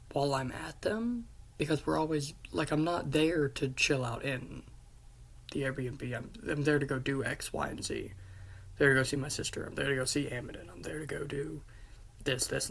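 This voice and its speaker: Young male vlogger, husky and gravelly, slightly higher pitch, loose hesitant storytime delivery. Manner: rambling, hesitant, many fillers and restarts. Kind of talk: casual storytime monologue.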